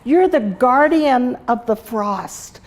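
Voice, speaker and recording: A woman's voice: on the high side, lively intonation, slow pace, darkish tone, pitched above the performer's own voice. A woman doing a wise old monarch butterfly. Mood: reassuring.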